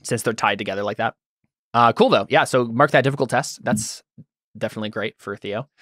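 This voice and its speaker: A man's voice: medium pitch, brisk, fairly bright tone, no room sound. Male game master, dry close mic, patient rules explanations, lots of ums. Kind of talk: running a tabletop game online.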